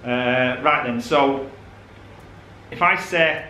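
A man's voice: a little high, expressive, normal speed, fairly bright tone, dull audio. A man co-hosting a casual vlog chat, teasing and laughing often. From South Yorkshire. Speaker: vlog co-host. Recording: echoey room with faint noise.

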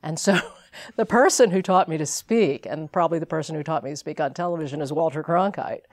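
A woman's voice: sits low, brisk, a little mellow. A woman TV journalist with a big broadcaster voice, telling a story about herself in an interview. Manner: reflective, anecdotal.

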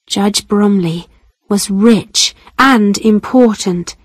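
Slow, careful woman storybook narrator. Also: mid-range voice, no echo. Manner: plain, careful, clearly spaced phrasing. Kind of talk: slow scripted storybook narration for English learners.

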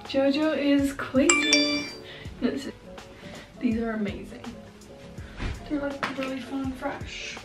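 A woman's voice: sits high, takes it slowly, pauses often, far from the mic. A woman talking through a shopping haul in a chatty, gushing way. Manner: chatty and gushing about her buys. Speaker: vlogger. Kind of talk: casual haul vlog. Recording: roomy and off-mic with loud music behind.

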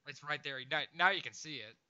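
A man's voice: on the high side, animated, fairly quick, sharp tone, smooth, no room sound. A man chatting in a casual interview, joking crudely, swearing a lot and laughing often. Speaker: YouTuber being interviewed. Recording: dull lo-fi sound.

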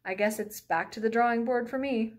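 A woman's voice: on the high side, a little fast, pitched above the performer's own voice, natural voice. A woman voicing a reckless young male show-off in a storybook read-aloud, boastful and a little rueful.

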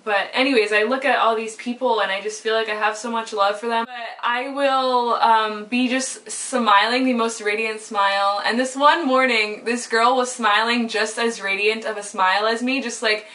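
A young woman talking openly to her viewers in a casual, rambling way, full of "like" and quick laughs. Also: fairly high pitch, steady tone, bright, forceful tone. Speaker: vlogger. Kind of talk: personal vlog monologue. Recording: voice a little far from the mic.

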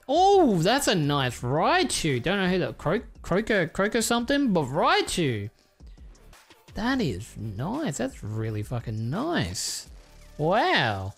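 A man giving casual, crude commentary while opening trading card packs, excitable and swearing often. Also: high voice, takes it slowly, faint music behind. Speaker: YouTuber.

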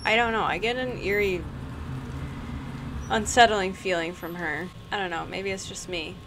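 A woman's voice: medium pitch, steady tone, normal speed, noisy background. A woman commentating a horror game she plays, often exclaiming in fright and laughing nervously. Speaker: gaming YouTuber.

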